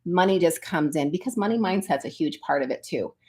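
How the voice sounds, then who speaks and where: A woman's voice: on the low side, animated, brisk, a little mellow. A woman who coaches online business, talking to her viewers in an earnest, chatty way and often calling them "you guys". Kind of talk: casual motivational vlog talk.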